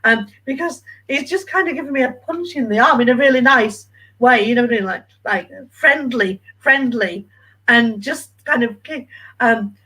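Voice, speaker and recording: Woman, medium giving a reading, slightly high voice, hesitant, lots of ums. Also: sharp tone, rough recording. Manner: emotional, hesitant, many ums.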